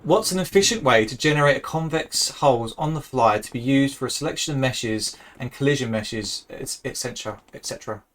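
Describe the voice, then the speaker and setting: Stream cohost guy, mid-pitched, lots of ums, laid back, reading out chat questions. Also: a little fast, few pauses, a bit bright. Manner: hesitant, lots of ums, easygoing. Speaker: co-host reading viewer questions. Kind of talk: casual live-stream chat.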